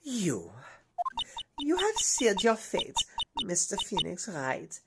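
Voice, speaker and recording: A woman's voice: medium pitch, huge pitch swings, takes it slowly, very noisy, pitched above the performer's own voice, full character voice. Woman putting on a haughty German prosecutor. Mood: hissing threat. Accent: put-on German. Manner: cold, taunting. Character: cold haughty young female prosecutor.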